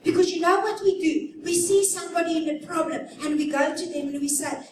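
A woman preaching a sermon, slow and emphatic, with dramatic pauses, in a church. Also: extremely high pitch, steady tone, background noise. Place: church sanctuary. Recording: echoey church hall from a distant mic.

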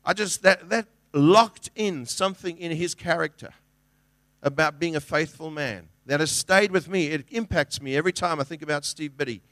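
A middle-aged man preaching to his congregation in an earnest, conversational way. His voice sits a little high for a man, and the sound is dry and close, with no room echo. He often restarts sentences and acts out little quotes. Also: normal speed, a bit bright. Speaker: pastor. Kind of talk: sermon.

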